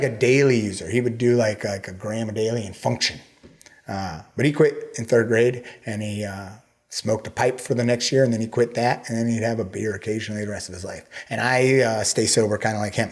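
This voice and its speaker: A middle-aged man, a jiu-jitsu coach, talking candidly and bluntly as a podcast guest, swearing freely. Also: fairly low pitch. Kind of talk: casual conversation.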